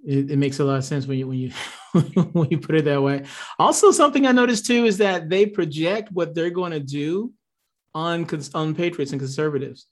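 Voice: mid-range voice, moderate pace. Host voice: agreeable, hesitant, filler-heavy political chat. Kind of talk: political conversation.

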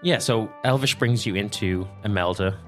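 A man's voice: lowish voice, normal speed, a bit bright, soft background music. A man narrating as game master, playful and laughing often in a loose, casual way.

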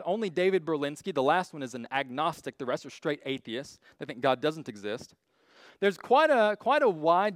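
A man's voice: fairly high pitch, dry recording, clean studio sound. A man giving a casual lecture with slides, blunt and full of joking asides. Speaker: speaker teaching a class on faith and evolution.

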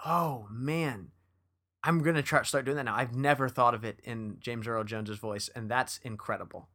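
A man's voice: mid-range voice, normal speed, a bit bright. A man co-hosting a casual book discussion, talking with enthusiasm and reading passages aloud. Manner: enthusiastic, many restarts. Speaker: podcast co-host.

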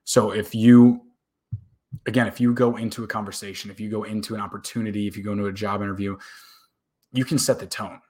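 A man's voice: fairly low pitch, steady tone, fast, a little mellow. A young man vlogging to camera in a casual, rambling way, often repeating words and swearing now and then.

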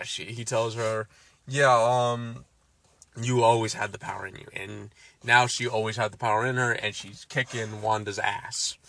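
A man's voice: on the low side, a bit bright. A man casually recapping a film, ranting and swearing, exasperated. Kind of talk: casual movie recap chat.

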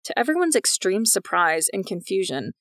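A woman's voice: mid-range voice, sing-song, moderate pace, fairly bright tone, dry recording, studio quality. A woman narrating a fiction podcast in a wry storytelling manner.

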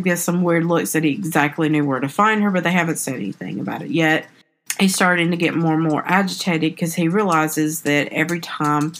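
A woman hosting a podcast, casually retelling a film's plot in a rambling way that keeps correcting itself. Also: sits low. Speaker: podcast host. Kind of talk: casual film recap.

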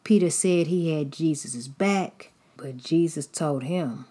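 A woman's voice: low-pitched, slow, mellow, husky. A woman preacher giving a sermon in a repetitive, rhythmic cadence.

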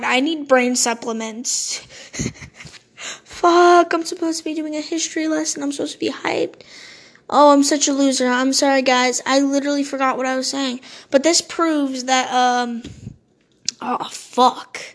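High-voiced woman on a profane rant. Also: steady tone, measured pace. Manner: profane, heated ranting that loses its train of thought. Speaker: podcast host. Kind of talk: solo podcast rant.

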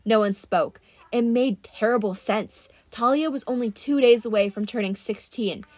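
A woman reading an adventure novel aloud in first-person narration, brisk and expressive. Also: a little high. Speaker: audiobook reader.

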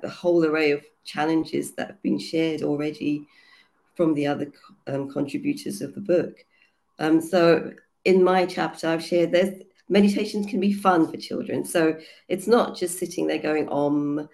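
A woman with a cold and a hoarse voice, a children's yoga teacher explaining her book chapter in an earnest way, with many fillers. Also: low voice, darkish tone. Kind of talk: casual online panel talk.

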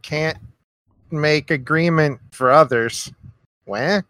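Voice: medium pitch, takes it slowly, fairly bright tone, dry recording. A player voicing a mimicking bird-folk adventurer who squawks and speaks in short, clipped phrases in a tabletop game. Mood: squawking. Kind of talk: tabletop role-play.

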